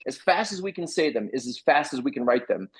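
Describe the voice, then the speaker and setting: A middle-aged man, a playwright, telling an animated anecdote and acting out other people's lines as he goes. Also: mid-range voice, fairly quick, slightly rough, low-quality recording. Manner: lively, acts out other people's lines in quoted voices. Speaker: playwright guest.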